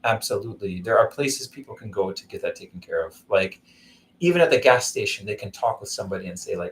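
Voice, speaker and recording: A man's voice: lowish voice, expressive, fast talker, a little hiss or hum, low-quality recording. A man chatting casually on a live vlog stream, rambling through stories and answering viewers by name. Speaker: vlogger doing a live stream. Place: Zamboanga City.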